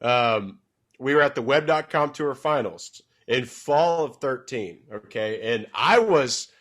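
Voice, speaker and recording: A man's voice: mid-range voice, expressive, slow, fairly bright tone. A man hosting a podcast, chatting casually and telling a story in a teasing, jokey way. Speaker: podcast host. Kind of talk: casual chat.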